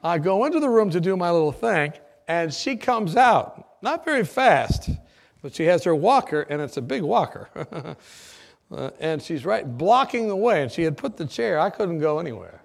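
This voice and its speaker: A man telling a personal story in an animated way, acting out what people said and laughing at his own tale. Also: fairly high pitch, normal speed, creaky. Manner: lively, acts out quoted voices, laughs at own story. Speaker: former nurse telling a story.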